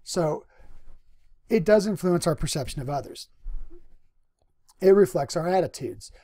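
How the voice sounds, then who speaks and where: Male instructor, slightly high, mellow tone, relaxed lecture delivery with pauses. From US Northwest. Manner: unhurried, conversational, with restarts and pauses. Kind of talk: recorded lecture.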